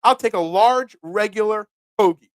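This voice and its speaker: A man's voice: high voice, moderate pace, no room sound, clean studio sound, voice pushed up, lightly acted. A man imitating a demanding, impatient female customer at a pizza shop who keeps repeating herself. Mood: insistent.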